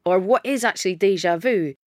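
A woman's voice: mid-range voice, a little fast, no room sound. Woman, middle-aged, giggly storyteller, dry close sound. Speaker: guest. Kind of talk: casual chat.

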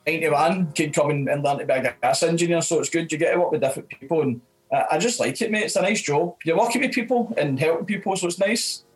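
A man's voice: on the high side, fast, faint music behind, rough recording. A Scottish man in his thirties, a comedian chatting casually on a podcast, laughing often and swearing freely. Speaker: comedian guest.

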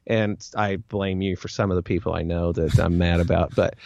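Podcast co-host, man, loose and chatty, slightly low voice, dry close sound. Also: moderate pace, creaky, no echo. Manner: relaxed, rambling storytelling with fillers. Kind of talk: casual chat.

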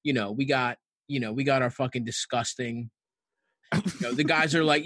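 A man's voice: medium pitch, moderate pace, a bit bright, no echo. A man from Baltimore telling crude, rambling stories on a podcast and laughing often. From Baltimore, USA. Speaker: podcast guest. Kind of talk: casual podcast chat.

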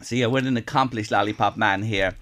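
A man's voice: lowish voice, steady tone, fairly quick, a bit bright, no echo. A man hosting live radio, teasing and laughing through a play-by-play of a studio challenge. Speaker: radio host.

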